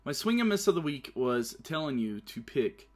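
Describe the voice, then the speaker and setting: A man's voice: a little high, very animated, moderate pace. Brash, profane male podcast host. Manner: brash, profane, laughs through his own stories. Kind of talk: casual solo show commentary.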